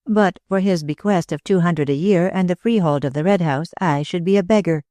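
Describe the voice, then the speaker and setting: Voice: medium pitch, a little fast, dry recording, natural voice. A narrator voicing a proud, bitter young woman. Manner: steady and bitter. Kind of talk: audiobook character reading.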